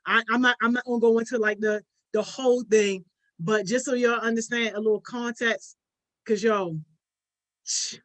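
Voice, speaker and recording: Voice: mid-range voice, fairly even intonation, normal speed, fairly bright tone. A youth program host on a casual livestream, greeting viewers by name one after another in slangy talk that ends nearly every phrase with "yo". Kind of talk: casual livestream chat with participants.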